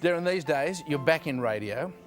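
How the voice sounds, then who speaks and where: An Australian man hosting a televised tribute show, presenting to a studio audience in a formal, measured way. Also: fairly high pitch, lively intonation, over music. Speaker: host.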